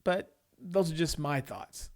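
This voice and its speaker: Male solo podcast host with a slightly high voice, conversational and opinionated. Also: expressive, takes it slowly. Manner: conversational, opinionated, chuckles between points.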